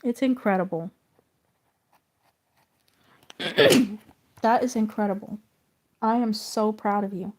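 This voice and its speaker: A woman streaming while she draws, chatting casually and gently encouraging her viewers. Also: medium pitch, slow pace, long pauses, slight background noise. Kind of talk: casual chat.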